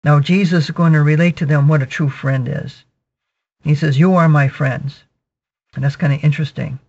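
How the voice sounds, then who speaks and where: A man preaching a sermon, explaining verses in a measured teaching manner, often saying "okay" and repeating his points. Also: a little high, level tone, creaky, darkish tone. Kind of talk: sermon, verse-by-verse Bible exposition. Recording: dull lo-fi recording.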